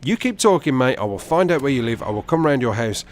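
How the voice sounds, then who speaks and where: A man voicing a furious middle-aged man on a prank answering machine, shouting insults and threats. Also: medium pitch, very animated, fast talker, slight background noise, close to an everyday voice. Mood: furious, ranting.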